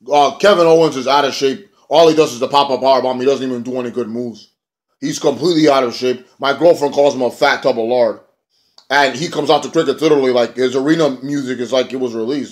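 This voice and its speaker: A man giving a casual, rambling review of a wrestling show, excitable and profane. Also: mid-range voice.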